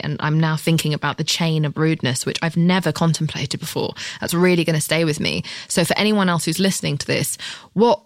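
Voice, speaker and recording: A woman hosting a podcast over a video call, quick and playful, laughing easily. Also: low voice, no echo, clean studio sound. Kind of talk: casual conversation. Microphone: video call from far away.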